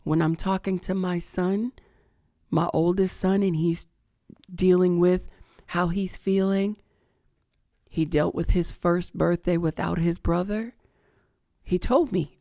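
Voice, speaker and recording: A middle-aged woman hosting a podcast, speaking slowly and reflectively about personal grief, often hushed and emotional. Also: fairly low pitch, steady tone, no room sound, clean studio sound. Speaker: podcast host.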